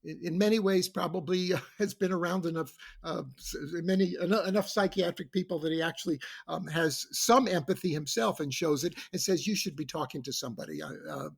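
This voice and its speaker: A man arguing as a guest prosecutor in a casual podcast debate, halting and restarting with many fillers as he lectures like a professor. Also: sits high, creaky, breathy edge. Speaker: guest prosecutor in a mock trial.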